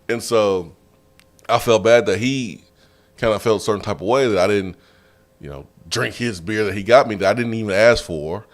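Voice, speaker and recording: Male sports talk host, low voice, loose and animated, studio mic. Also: normal speed. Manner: animated, laughing storyteller. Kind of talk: casual storytelling. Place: radio studio.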